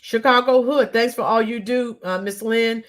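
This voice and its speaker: Woman, livestream host, fairly high voice, halting delivery with many ums, reads chat names aloud. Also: fairly even intonation. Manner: talks to viewers by name, halting with many ums. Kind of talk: casual livestream commentary.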